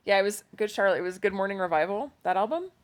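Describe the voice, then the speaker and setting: Her voice is medium in pitch, fast and lively in intonation. She's a podcast co-host recording at home at night while her kids sleep nearby, keeping things chatty and self-deprecating with plenty of laughter.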